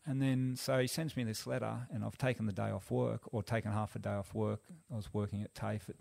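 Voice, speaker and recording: Australian man, guest, low gravelly voice, animated storyteller. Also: fairly quick. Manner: animated, acts out quoted dialogue. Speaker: guest, former rugby league player. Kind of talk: casual storytelling.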